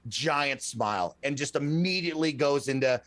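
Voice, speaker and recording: Man, thirties, lively storyteller, slightly high voice, dry close sound, video call. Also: normal speed, dry recording. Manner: animated storyteller, acts out quoted voices. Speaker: podcast guest and co-host.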